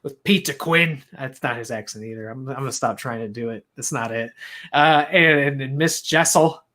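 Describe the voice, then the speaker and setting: A man's voice: mid-range voice, steady tone, moderate pace, sharp tone. A man co-hosting a podcast, rambling in casual chat, often restarting his sentences. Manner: rambling, self-interrupting, laughs at his own attempts at accents. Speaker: podcast co-host.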